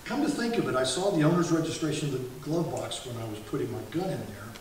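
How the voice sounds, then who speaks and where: Brief: pastor voicing a cocky male speeder, raised pitch, echoey hall, distant mic. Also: lively intonation, quick pace, darkish tone, close to an everyday voice. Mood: smug. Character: cocky adult male speeder, smug joker. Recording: echoey sanctuary from far off, hiss.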